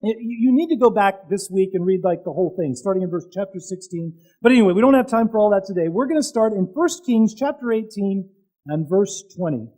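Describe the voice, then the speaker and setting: A man preaching a sermon to a congregation, telling the story with dramatic pauses, loud peaks and casual asides to the audience. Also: high voice, expressive, rough recording.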